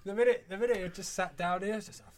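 A man's voice: high voice, quick pace, a crowd in the background. A man with a southern English accent, rambling and giggling as he chats on a casual podcast. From southern England. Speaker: podcast co-host.

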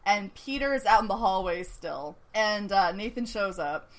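A woman co-hosting a podcast in casual chat, animated, laughing often and swearing casually. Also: mid-range voice, normal speed. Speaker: podcast co-host. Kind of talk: casual chat recapping a TV episode.

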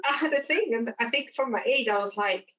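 A woman's voice: a little high, brisk, poor audio. A woman hosting a podcast, telling personal stories in casual chat with frequent laughs. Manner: animated storyteller, laughs often. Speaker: podcast host.

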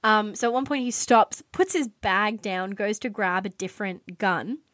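A woman co-host tells a dramatic story in casual chat, animated and peppered with fillers and swearing. Her voice sits at a middle pitch. The sound is dry and close. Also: moderate pace, no echo. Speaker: podcast co-host telling a true crime story.

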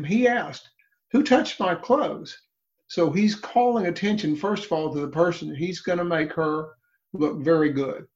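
A man's voice: a little high, highs cut off. A man in a Bible study group, earnestly explaining a Gospel passage with frequent restarts.

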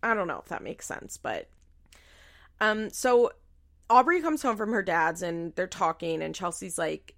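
A woman's voice: lowish voice, animated, measured pace, gravelly, a bit bright, dry recording, clean studio sound. A woman recapping a reality show in casual, incredulous commentary, swearing freely.

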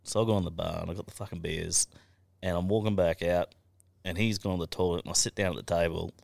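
A man's voice: low voice, steady tone, fast, creaky, a little mellow, no room sound, studio quality. A young Australian man on a podcast, telling stories in a casual chat. He swears constantly and laughs through his stories. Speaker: podcast guest.

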